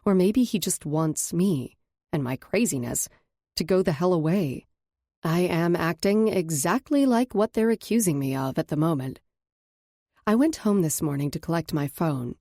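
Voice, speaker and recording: A woman narrating a first-person romance audiobook in an intimate, measured way. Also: low-pitched, lively intonation, dark tone, no room sound, clean studio sound.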